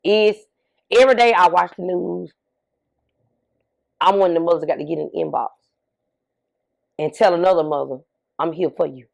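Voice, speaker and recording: A woman's voice: lowish voice, fairly even intonation, moderate pace, vocal fry, long pauses, darkish tone. A middle-aged woman talking candidly as an interview guest, emphatic, often repeating herself and asking rhetorical questions. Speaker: interview guest, bereaved mother.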